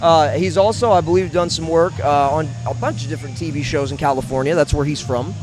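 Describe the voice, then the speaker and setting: A man's voice: a little high, steady tone, fairly quick, music in the background. A man from the St. Louis area doing emotional, emphatic commentary for a wrestling show. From St. Louis area, USA. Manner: heartfelt, emphatic, repeats himself.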